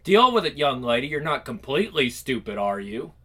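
A man's voice: mid-range voice, very animated, brisk, a bit bright, voice pushed down. A man reading a comic aloud, voicing a stern, condescending female teacher who speaks curtly and with scorn. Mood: scornful. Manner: curt, scornful.

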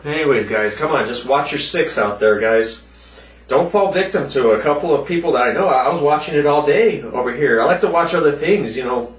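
A man's voice: brisk, distant mic. Profane rambling man in an echoey room. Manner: rambling, swears a lot, voices quoted people in a higher pitch. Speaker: vlogger. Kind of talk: casual profane rant to viewers.

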